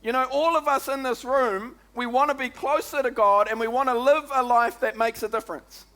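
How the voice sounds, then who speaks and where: A man with a New Zealand accent preaching a sermon as pastor, in a chatty, lively way that keeps calling out "come on" and "eh?" to the congregation. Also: extremely high pitch, moderate pace.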